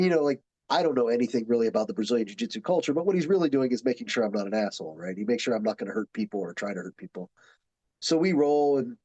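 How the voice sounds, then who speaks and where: Man telling stories, mellow and dry. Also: mid-range voice, dry recording, low-quality recording. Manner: animated storyteller, acts out quotes. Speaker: podcast guest, jiu-jitsu instructor. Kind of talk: casual storytelling chat.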